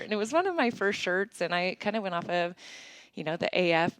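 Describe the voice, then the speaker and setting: A woman who founded an apparel business, chatting casually in an interview and telling stories with lively acted-out quotes. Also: on the low side, a little fast, smooth. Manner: chatty, animated storytelling with bright acted-out quotes. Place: small town in Montana.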